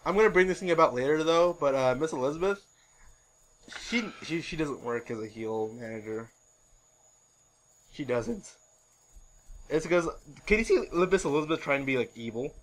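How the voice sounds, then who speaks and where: A man hosting a podcast in casual chat, rambling and animated with many filler words. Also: a little high, moderate pace, pauses often, a little hiss or hum, rough recording. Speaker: podcast host.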